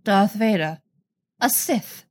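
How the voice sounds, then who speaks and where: A woman doing a sharp, stern Jedi archivist. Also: on the high side, lively intonation, unhurried, pitched above the performer's own voice. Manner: sharp and clipped.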